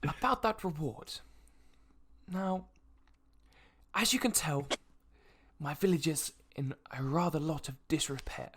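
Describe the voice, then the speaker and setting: A man voicing a polite, formal older male noble who talks with hesitant pauses. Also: on the high side, slightly rough. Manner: formal, courteous phrasing with hesitant ums.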